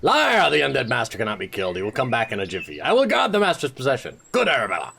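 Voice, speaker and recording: A man's voice: medium pitch, wildly swooping pitch, fast, vocal fry, sharp tone, slight background noise, heavily acted. A man voicing a small, snarling guard creature in a fantasy game, making grand threats that turn petty. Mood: blustering. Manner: overblown threats undercut by petty ones.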